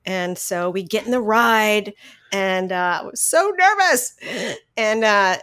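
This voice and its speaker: A middle-aged woman, a voice actress, telling stories from her career in a casual interview, animated, laughing often and restarting her sentences. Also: mid-range voice, slow pace, clear, resonant tone. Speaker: voice actress guest.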